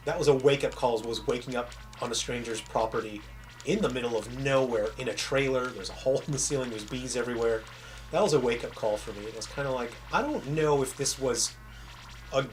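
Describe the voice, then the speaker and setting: A man who is a game developer, chatting casually with viewers on a livestream and trailing off and restarting mid-sentence, with a faint Southern American accent. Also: mid-range voice. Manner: rambling, self-interrupting storyteller.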